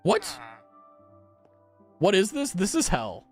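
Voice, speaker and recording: A man's voice: sits high, huge pitch swings, slow, creaky, darkish tone, breathy edge, soft background music. A man streaming a video game, chatting casually in a playful, giggly way and reading menu items aloud. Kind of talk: casual gameplay commentary.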